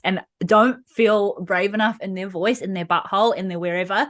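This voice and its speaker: A woman's voice: medium pitch, brisk, hardly any pauses, a bit bright. A woman hosting a podcast, bubbly, effusive and playful in casual chat. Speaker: podcast host.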